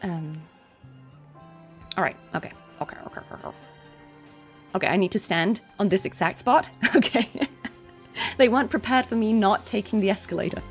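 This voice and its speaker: A woman's voice: medium pitch, moderate pace, long pauses, soft background music. Chatty English woman with RP accent. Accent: neutral RP English. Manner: chatty, laughs often. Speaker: voice actor streaming a game. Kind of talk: casual stream commentary.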